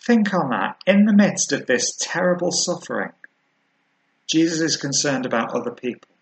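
A man preaching a sermon, earnest and measured, slowing down to stress key words. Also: on the high side, lively intonation, poor audio.

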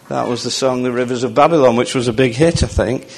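Male preacher, mid-pitched, chatty delivery, slows down for scripture. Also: darkish tone, husky. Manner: conversational, slows down to read scripture. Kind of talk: sermon.

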